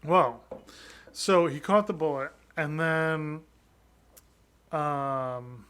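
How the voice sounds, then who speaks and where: A man's voice: fairly high pitch, drawn-out words, fairly bright tone, clean tone. A man co-hosting a podcast in casual chat, rambling with plenty of restarts and fillers. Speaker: podcast co-host.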